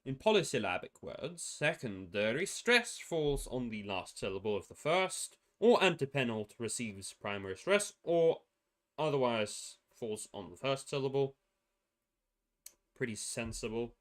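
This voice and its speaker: A man's voice: medium pitch, big pitch swings, unhurried, fairly bright tone. A young man casually explaining a constructed language's sound rules on a livestream, rambling and correcting himself as he goes. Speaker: streamer presenting a constructed language.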